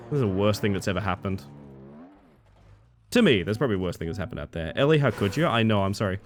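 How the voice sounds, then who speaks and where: A man streaming a racing game talks fast in a lowish, expressive voice, with slight background noise. He chats casually, riffing playfully on what his viewers comment.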